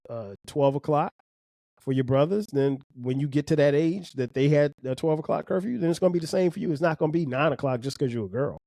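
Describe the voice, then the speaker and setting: Earnest middle-aged father, mellow voice. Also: medium pitch, dry recording, clean studio sound. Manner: earnest, many restarts and repeated words. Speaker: podcast host and father. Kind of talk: reflective casual talk.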